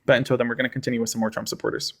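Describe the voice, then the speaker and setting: A livestream call-in debate host mocks and needles his guests, laughing often. He talks very fast in a flat, gravelly, medium-pitched voice.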